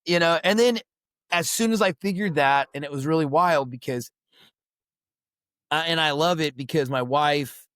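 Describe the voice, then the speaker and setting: A man's voice: on the high side, moderate pace, pauses often, a bit bright, smooth, dry recording. A middle-aged man, a veteran who is the guest on a podcast, telling a story in casual chat, swearing freely and acting out the voices of people he quotes.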